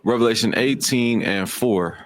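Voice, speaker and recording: A man in a scripture class reading a Bible passage aloud in a measured way. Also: medium pitch, no echo.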